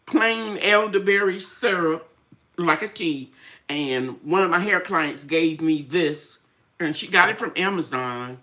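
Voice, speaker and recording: A woman's voice: lowish voice, sharp tone. An older woman hosting a casual live-stream chat about her garden, chatty and full of stories, a little tired with draining sinuses. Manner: chatty, storytelling, acts out quoted voices. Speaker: gardening channel host.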